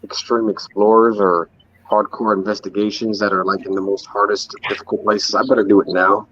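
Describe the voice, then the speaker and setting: Man, thirties, lowish voice, hesitant, rambling, casual chat, dull lo-fi audio. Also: flat delivery, brisk, fairly bright tone, a little hiss or hum. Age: 30s. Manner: hesitant, many fillers and restarts. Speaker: paranormal investigator co-host.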